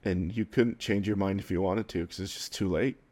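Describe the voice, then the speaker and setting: A man with a fairly low voice speaks haltingly as he tells a personal story. He is close to tears and his words keep breaking off and starting again. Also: steady tone. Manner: tearful, halting, with soft laughs. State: crying at times. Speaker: guest.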